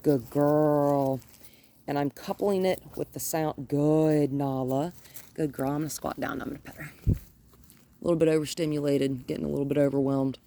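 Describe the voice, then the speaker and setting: A woman dog trainer giving an outdoor training demonstration, calmly coaxing and praising a dog while plainly explaining each step. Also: sits low, moderate pace. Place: outdoors by her front yard and gate.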